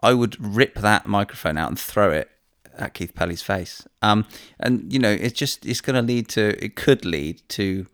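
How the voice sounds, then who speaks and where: A deep-voiced British man co-hosts a relaxed chat. His voice is gravelly yet smooth. He muses aloud, often hesitating and starting over, and sounds close and dry. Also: normal speed, hardly any pauses, no room sound. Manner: musing, hesitant, with restarts. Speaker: podcast co-host, professional golfer. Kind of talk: casual chat.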